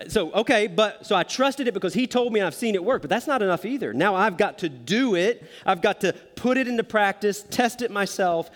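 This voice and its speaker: Joking male preacher in a reverberant hall. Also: sits high. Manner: self-deprecating humor, conversational. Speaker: pastor. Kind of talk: sermon.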